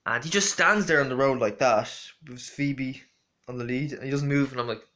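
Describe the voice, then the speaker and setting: A man's voice: mid-range voice, normal speed, pushed and bright. A young man rambling through a casual storytelling monologue with lots of fillers and restarts. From Ireland. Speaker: vlogger.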